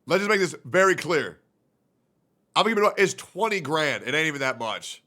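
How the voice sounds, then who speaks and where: Animated, bright-voiced male streamer. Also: fairly high pitch, brisk. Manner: loud, profane, thinks out loud and talks to chat. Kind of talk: casual livestream reaction.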